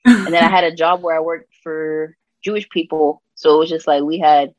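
A woman from Puerto Rico, a gospel rapper sharing her testimony as an interview guest, telling stories in lively slang and acting out the people she quotes. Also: deep voice, moderate pace, no room sound. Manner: animated storytelling with slang and voiced quotes. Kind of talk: candid conversational testimony.

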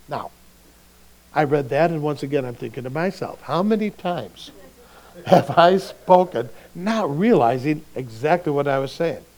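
Man, pastor, sermon, conversational, quiet then emphatic, slightly high voice. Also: rough recording. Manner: conversational preaching, swings between quiet and emphatic.

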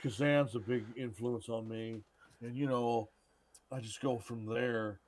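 A man voicing a movie star looking back on his film, in a slow, offhand and modest way. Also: medium pitch, fairly even intonation, pitched below the performer's own voice, close to an everyday voice. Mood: relaxed.

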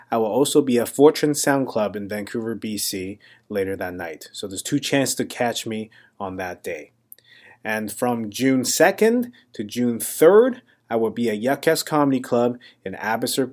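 A young adult man, a comedian and podcast host, telling a self-mocking story in a casual, deadpan monologue. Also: mid-range voice.

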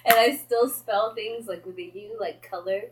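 A young woman from Kenya hosting a podcast in casual chat, animated and quick to laugh. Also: medium pitch, low-quality recording. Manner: animated, laughing easily, storytelling. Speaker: podcast host.

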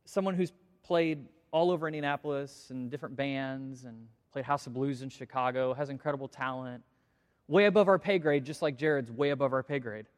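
A man leading a church service as pastor, praying and then telling an emotional story with halting restarts. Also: mid-range voice. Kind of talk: prayer and church announcement. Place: church auditorium. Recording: long reverb of a church hall.

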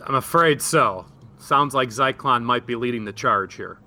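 Bright-voiced, hesitant male player. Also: mid-range voice, moderate pace. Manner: casual, hesitant, with fillers. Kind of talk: casual tabletop game chat.

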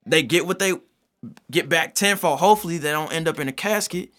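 A man talking casually on a podcast, laid-back and profane, often slipping into animated quoted voices. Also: a little high, a little fast.

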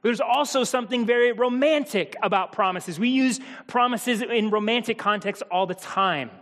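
A man's voice: very high voice, normal speed, fairly bright tone. A man preaching a sermon in a humorous, conversational way, speaking directly to the congregation in a church. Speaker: pastor. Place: church hall. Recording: long hall reverb.

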